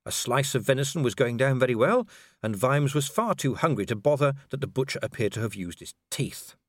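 A man's voice: medium pitch, lively intonation, a little fast, no echo, clean studio sound. A man narrating an audiobook with dramatic storytelling and character voices. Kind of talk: scripted narration.

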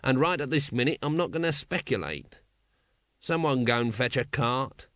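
Male reader as a gruff, sarcastic guard captain, lively mocking delivery, dry close sound. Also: medium pitch, normal speed, no echo, lightly acted. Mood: weary. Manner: sarcastic, growling.

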